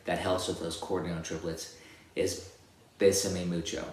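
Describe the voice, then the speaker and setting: A man giving a relaxed guitar lesson, explaining rhythms and singing them out as counted syllables. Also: deep voice, unhurried. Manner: counts beats and sings rhythms with "da, da" between explanations. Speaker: guitar teacher. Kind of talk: casual music lesson. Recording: echoey room with loud guitar playing. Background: his own guitar playing.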